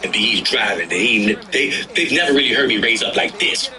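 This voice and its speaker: A man telling tour stories in a casual chat, animated and slangy, swearing freely and breaking into loud outbursts. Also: mid-range voice, fairly quick, low-quality recording. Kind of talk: casual storytelling.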